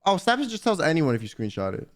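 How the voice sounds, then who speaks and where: A man hosts a casual advice stream, blunt and teasing as he swears at his callers. His voice sits fairly high and swings widely in pitch. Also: wildly swooping pitch, quick pace. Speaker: streamer giving viewer advice. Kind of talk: casual call-in advice chat.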